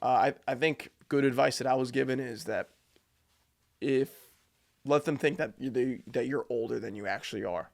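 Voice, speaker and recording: A man's voice: mid-range voice, normal speed, gravelly, darkish tone. 20s guy teacher on a podcast, keeps restarting sentences, laid back chat. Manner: stammering restarts, repeats words. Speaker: high school teacher.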